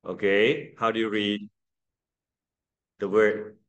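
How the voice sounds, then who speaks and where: A man's voice: on the low side, flat delivery, slow, fairly bright tone, muffled recording. A man teaching English pronunciation to a class, patiently drilling vowel sounds and calling on students. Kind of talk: classroom lesson.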